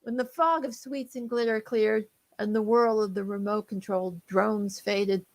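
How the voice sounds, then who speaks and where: A woman author narrating her own comic holiday story in a lively, playful reading. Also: medium pitch.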